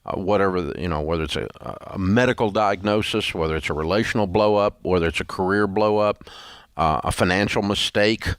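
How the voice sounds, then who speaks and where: A man's voice: low voice, a little fast, smooth, no room sound. A man hosting a radio talk show, chatting in a folksy, rambling way with lots of restarts. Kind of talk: casual on-air talk.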